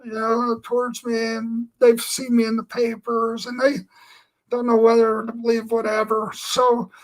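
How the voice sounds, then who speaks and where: Earnest man with a flat delivery. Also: very high voice, a little slow, rough recording. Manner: earnest, meandering storytelling full of fillers. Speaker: Christian speaker. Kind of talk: personal testimony.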